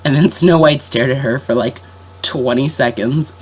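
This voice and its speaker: A woman's voice: extremely low pitch, normal speed, darkish tone, breathy edge. A young woman with a sick voice telling a story in a rambling, casual way, full of fillers and restarts. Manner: rambling, lots of fillers and self-corrections. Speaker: vlogger.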